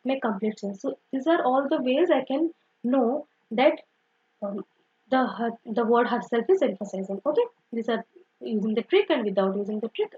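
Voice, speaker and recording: A woman's voice: on the high side, a little mellow, husky, dull audio. A woman teaching an online grammar lesson, explaining step by step and often saying "simple" and "okay".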